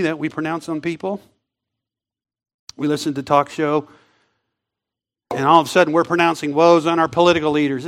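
A man preaching a sermon in a church, swinging between loud emphatic lines and hushed, drawn-out phrases. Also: sits high. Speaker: pastor.

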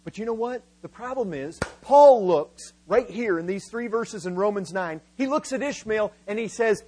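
Male preacher, high voice, emphatic sermon delivery that slows for stress. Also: animated, dark tone, husky, low-quality recording. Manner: emphatic, voices biblical figures in quotes, slows for key words.

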